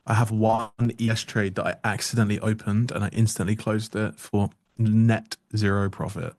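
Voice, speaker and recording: A man's voice: on the low side, fairly even intonation, moderate pace, darkish tone, no echo. A man giving casual live-stream trading commentary, joking wryly and answering chat aloud into a close mic.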